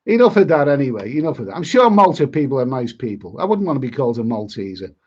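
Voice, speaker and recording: A man's voice: mid-range voice, sing-song, fast, a little mellow, slightly rough. A man from Liverpool with a Liverpool accent, rambling bluntly and grumbling through a casual live-stream chat as a travel vlogger. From Liverpool, England. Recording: dull lo-fi sound.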